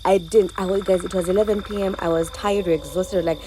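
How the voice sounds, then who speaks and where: A young Ugandan woman narrates a casual travel vlog, chatting animatedly to viewers over background music. Her voice is mid-range at a normal speed, set against a noisy background.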